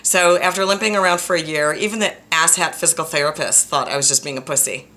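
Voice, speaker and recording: A woman counselor speaks directly to her viewers in a low, forceful voice. She is frank and blunt, and stresses her points by repeating them. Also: fast talker. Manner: frank and blunt, openly emotional; emphatic, repeats phrases for stress. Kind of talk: direct-to-camera personal talk.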